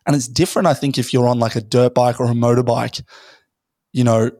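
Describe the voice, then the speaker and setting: A man, a little hoarse from losing his voice, rambling through a casual podcast conversation and thinking aloud with many fillers. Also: medium pitch, fairly even intonation, fairly quick, dark tone, no echo, clean studio sound. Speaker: podcast guest.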